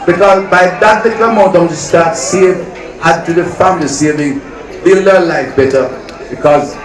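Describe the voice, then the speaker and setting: A high-voiced Jamaican man rallies party supporters, stacking phrase on phrase to drive each point home. His voice rings through a big reverberant space and is picked up from a distance. The murmur of a crowd sits behind him. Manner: rousing, repetitive emphatic phrasing. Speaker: politician addressing party supporters. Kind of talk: political rally speech. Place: large rally venue. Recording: echoey, far from mic, crowd behind.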